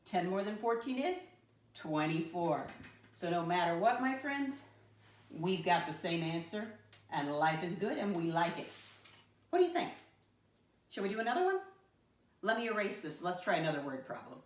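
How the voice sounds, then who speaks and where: A woman teaching first graders a math lesson in a lower, sing-song voice, counting numbers out loud and coaxing the class along. She sounds a little far from the microphone, in a roomy, echoing space. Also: very animated, normal speed, pauses often. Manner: sing-song teacher voice, counting aloud, calls listeners "my friends". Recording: roomy sound from a distant mic.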